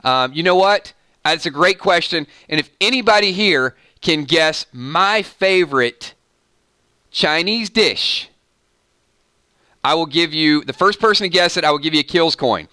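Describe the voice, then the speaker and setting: A man's voice: a little high, animated, unhurried, pushed and bright, smooth, no room sound. A man with a Southern US accent hosting a live stream, chatting casually and joking as he reads viewer comments aloud.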